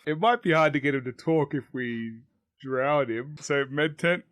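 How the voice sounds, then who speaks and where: A man's voice: a little high, normal speed, fairly bright tone, no room sound. A man playing in a tabletop game, describing his character's actions and joking with the group. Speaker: player.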